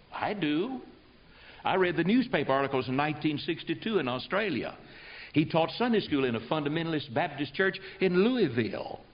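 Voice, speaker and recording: Animated preacher man on an old tape. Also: fairly high pitch. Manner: animated preaching with quoted voices. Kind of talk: sermon. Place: church service. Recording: dull lo-fi tape recording.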